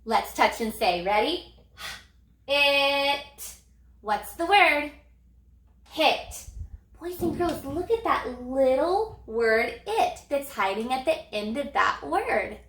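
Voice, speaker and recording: A woman teaching young children a phonics lesson in a slow, sing-song teacher voice with lively prompts. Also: sits high, echoey room. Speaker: elementary reading teacher.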